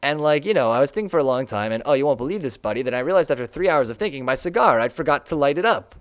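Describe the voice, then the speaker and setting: A man's voice: medium pitch, animated, very fast, lightly acted. A man voicing a laid-back, chatty male bird who smokes a cigar and calls everyone mate, reading game dialogue aloud. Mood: rambling.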